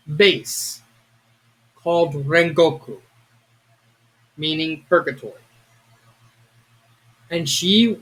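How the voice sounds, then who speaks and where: A young man giving a casual, rambling video review of a fan story, excitable and prone to restarts. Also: high voice. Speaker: fanfiction reviewer.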